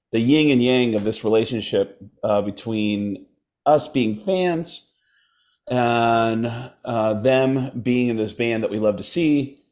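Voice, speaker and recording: Chatty man telling comic stories. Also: mid-range voice. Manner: lively anecdotes with quick voice switches for quoted people. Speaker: comedian guest. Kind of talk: animated storytelling chat.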